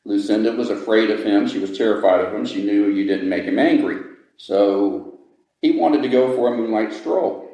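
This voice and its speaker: A man telling a ghost story to visitors inside an old jail, with slow, dramatic pacing. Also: lowish voice, dark tone. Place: old jail building, indoors. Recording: echoey stone room.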